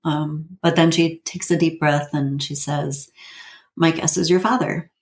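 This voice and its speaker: A woman in her fifties telling a personal story, halting with frequent fillers and nervous little laughs. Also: deep voice, fairly even intonation. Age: 50s.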